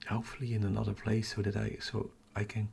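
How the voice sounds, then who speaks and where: A man, hosting a live telescope stream in a hushed whisper, halting and correcting himself as he works outdoors at night. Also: lowish voice, monotone, gravelly, slight background noise. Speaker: astrophotography livestream host.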